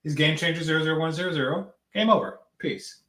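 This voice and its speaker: A man's voice: a little high, quick pace, bright, forceful tone, echoey room. Blunt, slangy man commentating. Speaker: reaction channel host. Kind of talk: casual commentary on a clip.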